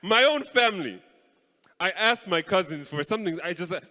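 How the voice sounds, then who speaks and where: A man doing a live stand-up routine, acting out his family's voices in animated bits. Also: sits high, normal speed. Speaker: stand-up comedian. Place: live comedy stage at an arts festival. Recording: echoey hall.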